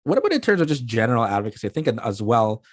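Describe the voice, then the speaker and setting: A man's voice: medium pitch, very animated, racing, no room sound, studio quality. A man hosting an interview, asking long, rambling questions with many fillers. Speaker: host, interviewer.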